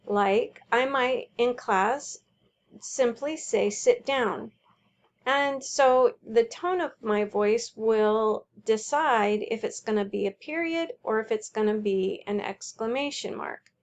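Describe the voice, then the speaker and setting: A woman teacher explaining a homework sheet in a slow, careful way, walking through examples. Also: a little high.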